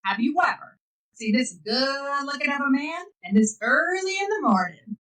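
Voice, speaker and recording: A woman voicing an exuberant, boastful older man with a thick New York accent, hollering excitedly. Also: sits high, normal speed, recorded from a distance, voice pushed up.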